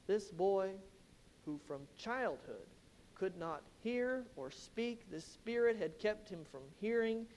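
A man's voice: high voice, a little mellow. A man preaching an expository sermon, retelling a Bible passage with emphatic storytelling and rhetorical questions.

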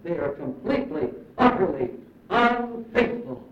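A man preaching a sermon in an earnest, emphatic manner, slowing down to stress key phrases. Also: high voice, big pitch swings, slight background noise. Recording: roomy, distant, muffled recording.

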